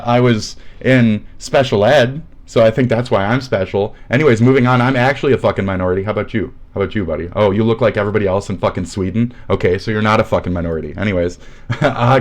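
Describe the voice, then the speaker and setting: A young man with a Midwestern American accent, a streamer ranting sarcastically and swearing nonstop as he mocks commenters. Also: on the low side. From Midwest USA. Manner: abrasive, sarcastic, mocking, swears constantly. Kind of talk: profane ranting livestream commentary.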